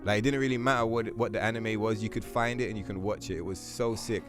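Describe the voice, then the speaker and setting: A man's voice: on the low side, steady tone, quick pace. A young man streaming a game, telling a long rambling story in casual chat with heavy swearing and many fillers. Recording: faint music behind the voice.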